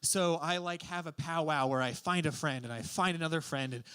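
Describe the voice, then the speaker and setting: A teenage man telling a story at an open mic, lively and acting out the voices in his quotes. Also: on the high side, brisk, few pauses, clean tone. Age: teens. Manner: animated, acts out voices in quotes. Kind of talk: live storytelling.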